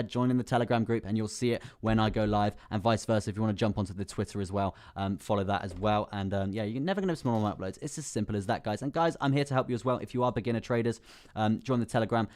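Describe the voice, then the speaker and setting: A man's voice: lowish voice, darkish tone. A young man hosting a casual crypto live stream, chatting with viewers, reading their names aloud and laughing often. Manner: chatty, reads chat names aloud, many fillers and laughs.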